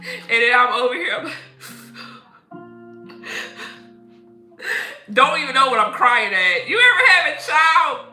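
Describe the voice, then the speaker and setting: A woman's voice: high voice, takes it slowly, long pauses. A woman hosting a spiritual livestream, chatting casually and telling stories with lots of laughter. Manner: animated, laughing storyteller. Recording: echoey room with faint music.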